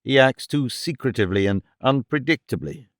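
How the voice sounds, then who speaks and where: A man voicing a mild, calm Anglican clergyman who speaks slowly and with measure. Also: mid-range voice, dry recording, studio quality, close to an everyday voice.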